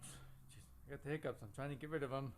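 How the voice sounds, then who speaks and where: A man vlogging casually while he has the hiccups, talking in a halting way and chuckling between phrases. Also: medium pitch, steady tone, slight background noise. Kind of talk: casual vlog.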